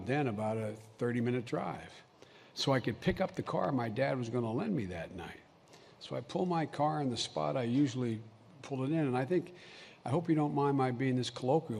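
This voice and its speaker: A man's voice: medium pitch, gravelly, a little mellow, a little hiss or hum. An older man giving a folksy, anecdotal public speech as vice president. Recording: long hall reverb, faint ambience.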